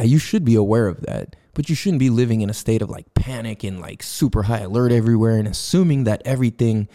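A man's voice: medium pitch, dark tone. A man hosting a podcast in a casual monologue, talking loosely and profanely, with many fillers and restarts, acting out sounds and his own quoted thoughts as he tells a story. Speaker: podcast host.

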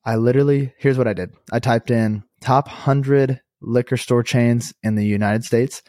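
A young adult man hosting a podcast, telling a story in a chatty, animated way with lots of fillers and self-corrections. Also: mid-range voice, normal speed, no echo, studio quality. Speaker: podcast host and company co-founder. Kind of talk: casual storytelling monologue.

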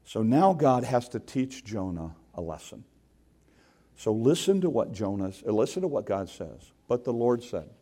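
A male pastor delivering a sermon in a church, talking to his congregation as if chatting with them. His pitch swings freely up and down as he tells the story and keeps putting questions to the room. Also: sing-song, moderate pace, mellow, husky. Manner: conversational, asks the congregation questions. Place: church sanctuary.

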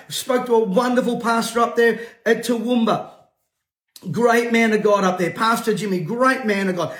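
A man, preaching to camera in a combative, forceful way, rising to shouts and breaking into jovial laughs. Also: very high voice. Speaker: pastor. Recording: roomy echo.

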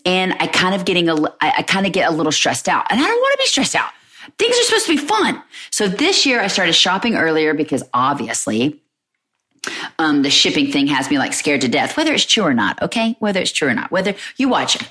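Chatty mom vlogger in her 30s, lowish voice, rambling and lively, jumps way up when she's acting stuff out. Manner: animated storytelling with pitch jumps and quoted voices. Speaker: vlogger, stay-at-home mom. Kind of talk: casual chatty vlog.

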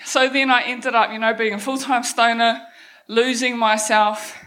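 A woman's voice: a little high, little pitch movement, moderate pace, bright, forceful tone. A young woman with a New Zealand accent telling her life story on an event stage, blunt and swearing freely, laughing now and then. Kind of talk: candid personal story talk.

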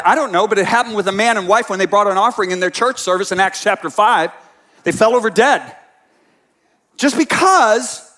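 Passionate high-voiced male preacher. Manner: swings from hushed storytelling to shouted passionate bursts. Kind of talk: sermon storytelling.

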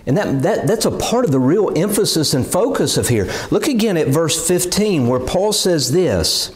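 An earnest male preacher delivering a sermon. His voice sits a little high and moves through a wide, animated range of pitch. He presses each point with emphasis, often doubling back on a word as he builds. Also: moderate pace.

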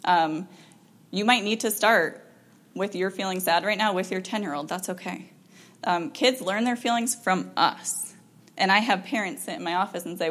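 A woman counselor giving an informal talk to parents, chatty and animated, with frequent ums and laughs, acting out what parents and children say. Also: medium pitch, normal speed. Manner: animated, acts out quoted parent and child lines.

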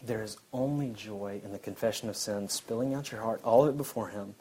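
A man, preaching a sermon in a conversational way that drops to a quiet intensity. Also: lowish voice, a little fast, slightly rough, poor audio. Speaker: pastor.

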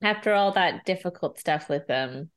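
A woman co-hosting a podcast in casual chat, talkative and quick to laugh, with lots of "like" fillers. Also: on the low side, animated. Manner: chatty, laughs often, many "like" fillers. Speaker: podcast co-host discussing a TV episode.

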